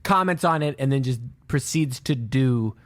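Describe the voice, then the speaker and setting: A man co-hosting a podcast, giving quick, opinionated takes on a film and laughing often. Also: mid-range voice, animated, no echo. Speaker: podcast co-host. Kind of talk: casual film discussion.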